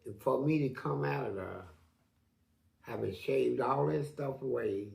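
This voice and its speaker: Gravelly man telling prison stories. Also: a little slow, echoey room. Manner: animated, acts out quotes with big jumps in pitch; profane street slang. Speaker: interview guest. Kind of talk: storytelling in an interview.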